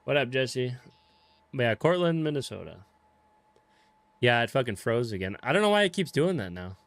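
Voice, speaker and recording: Young male streamer, easygoing and talkative, average pitch, dry room. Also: sing-song, normal speed, no echo. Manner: laid-back, swears casually, greets viewers by name. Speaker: game streamer. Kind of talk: casual live-stream chat while playing.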